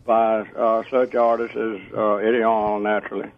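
Gravelly caller on a phone line. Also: male voice, lowish voice, level tone. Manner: slow, halting, chuckling. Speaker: radio show caller. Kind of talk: casual phone-in chat.

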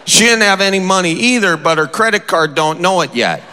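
High-voiced Midwest stand-up comic. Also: male voice, animated, brisk, very noisy. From American Midwest. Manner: storytelling, playful, acts out family members. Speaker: stand-up comedian. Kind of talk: stand-up comedy set. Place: theater stage with live audience.

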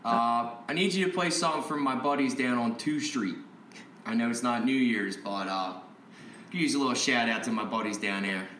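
A man's voice: medium pitch, moderate pace, bright, forceful tone, recorded from a distance, a little hiss or hum, natural voice. A brash South Philly guy calling in a song request, as a man puts him on, speaking with a heavy South Philadelphia accent. He talks loose and slangy, stumbling over fillers. His voice sits mid-range and rings with a roomy echo. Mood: jokey.

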